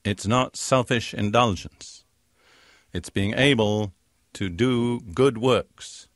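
Older male Bible teacher, measured and emphatic. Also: lowish voice, no echo, studio quality. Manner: measured, emphatic reading of scripture verses. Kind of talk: sermon.

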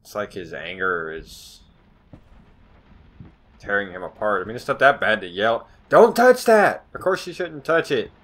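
A man doing sarcastic, foul-mouthed commentary while playing a horror video game and yelling at it. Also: lowish voice, normal speed, long pauses. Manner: sarcastic, swears often, yells at the game. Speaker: gamer. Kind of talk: horror let's play commentary.

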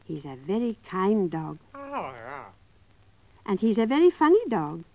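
A woman narrating a story for young children in a gentle, coaxing way, talking straight to them. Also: medium pitch, big pitch swings, a little slow.

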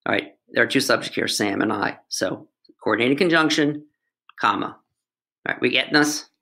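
Gravelly-voiced man teaching grammar playfully. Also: medium pitch, normal speed, pushed and bright. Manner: playful, self-joking, asides to students. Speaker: English tutor. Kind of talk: casual grammar lesson.

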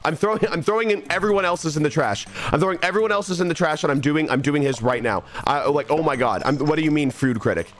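Fast and animated with few pauses, this high-leaning male voice provides live gameplay commentary. The young streamer restlessly mutters to himself, repeats phrases and pokes fun at himself over faint background music.

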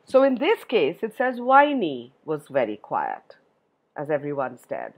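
A woman tells a rhyming story to children in a slow, unhurried reading. Her voice rises and falls dramatically as she stops to ask her young listeners questions. Her tone is slightly husky. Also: low voice. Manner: expressive, asks listeners questions. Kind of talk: reading a poem aloud to children.

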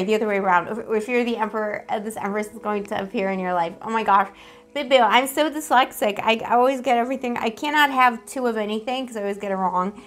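A woman giving a casual, rambling tarot reading to the camera, playful and affectionate, full of pet names and giggles. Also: mid-range voice. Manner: giggly, self-teasing. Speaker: tarot reader.

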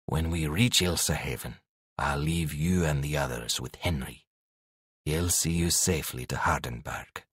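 A man voicing a proud, impatient young duke who speaks in a measured, formal way in an audiobook. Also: rumbling low, fairly bright tone, slightly rough, no echo, studio quality, pitched below the performer's own voice, exaggerated voice.

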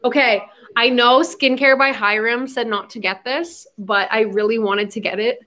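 A woman's voice: fairly high pitch, fairly even intonation, normal speed, fairly bright tone. A young adult woman hosting a casual livestream, chatty and giggly, slipping into baby talk with her puppy. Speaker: livestream host.

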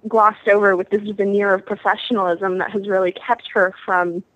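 A woman's voice: medium pitch, level tone, moderate pace, dry recording, narrow, tinny audio. A woman in casual podcast chat, telling a story in a rambling way full of fillers. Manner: rambling, filler-heavy, laughs often.

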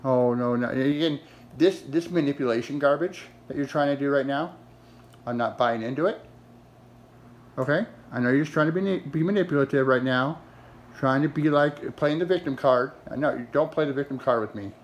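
A man's voice: mid-range voice, moderate pace. A man scolding his dog in a mock-stern, exasperated, sarcastic way, talking to it like a person.

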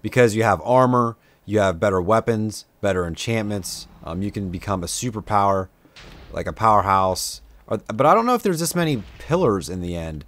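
A young gameplay commentator gives casual, self-mocking let's-play commentary, chatting away and breaking into sudden outbursts at enemies. His lowish voice is fairly bright, with lively intonation and a moderate pace.

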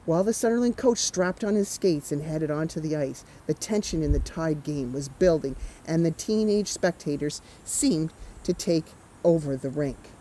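Warm-toned storytime reader, woman, animated with chatty asides. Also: sits low, moderate pace, a little hiss or hum, low-quality recording. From Canada. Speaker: author reading her picture book. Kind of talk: children's storytime read-aloud.

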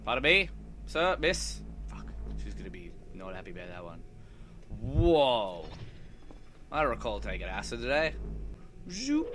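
A young man giving casual, swear-heavy commentary while playing a video game, excitable and prone to sudden loud yelps. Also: on the low side, normal speed, long pauses. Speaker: let's play gamer.

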